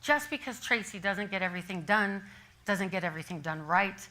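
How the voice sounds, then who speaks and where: An older woman giving a sermon as minister, telling stories in an animated way and laughing often. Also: medium pitch, brisk, poor audio. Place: church service.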